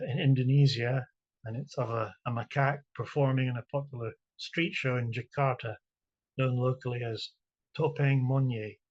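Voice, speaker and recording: A Scottish poet with a husky, breathy voice, reading his work aloud. He stumbles and repeats himself while explaining each poem, then settles into a slow, chant-like reading of the verse. The recording sounds dull and lo-fi. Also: mid-range voice. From Scotland. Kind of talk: poetry reading with spoken introductions.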